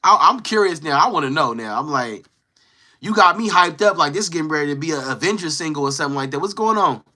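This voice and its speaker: Teasing young man with a bright, forceful voice. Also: on the high side, lively intonation, quick pace. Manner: teasing, playful trash talk. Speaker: live streamer talking to chat. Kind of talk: casual live-stream chat.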